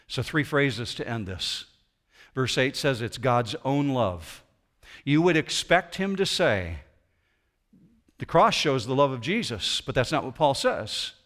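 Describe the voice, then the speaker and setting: A man preaching a sermon as pastor in a church auditorium, swinging between loud emphasis and quiet intensity. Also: mid-range voice, big pitch swings, measured pace.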